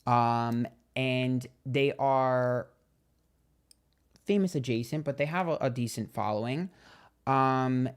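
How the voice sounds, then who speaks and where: A young man talks casually to his livestream viewers. His voice is mid-pitched, and his delivery is chatty and gossipy, with plenty of swearing. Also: slow, long pauses, smooth. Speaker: tarot reader and livestream host.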